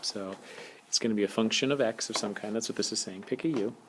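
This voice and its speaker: A man teaching a calculus lesson in a relaxed, joking way, talking as he writes. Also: lowish voice, fast, slight background noise. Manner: relaxed, jokey, talks while writing. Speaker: math teacher. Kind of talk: recorded calculus lecture. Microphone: tablet screencast mic.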